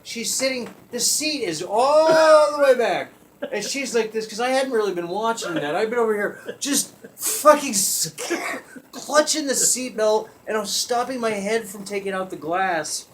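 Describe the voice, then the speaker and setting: A man hosting a talk show, telling a comic story in an animated way, often laughing as he talks and swearing freely. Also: high-pitched, unhurried, a little hiss or hum. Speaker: podcast host. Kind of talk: comedic storytelling.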